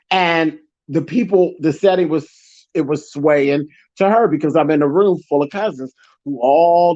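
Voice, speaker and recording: A man's voice: fairly high pitch, a little mellow, dry recording, dull audio. A man speaking as a guest on an online panel chat, blunt and emphatic, repeating points for force.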